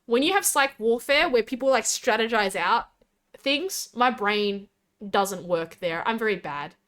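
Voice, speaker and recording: A woman's voice: on the high side, lively intonation, measured pace, fairly bright tone. A young Australian woman streaming as a VTuber, chatting casually with a rambling, giggly way of talking as she reads chat aloud.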